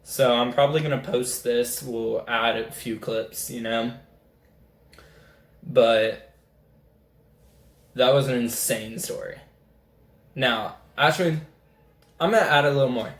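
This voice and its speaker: A young man, telling a rambling, excitable story as a casual vlogger. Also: medium pitch, slow, pauses often. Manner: excitable, rambling, animated retelling. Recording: echoey room.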